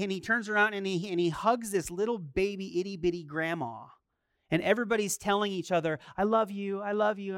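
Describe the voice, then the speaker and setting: Animated man preaching with crisp voice. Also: on the high side, dry recording, clean studio sound. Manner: animated, emphatic preaching with rising outbursts. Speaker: pastor. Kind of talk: sermon.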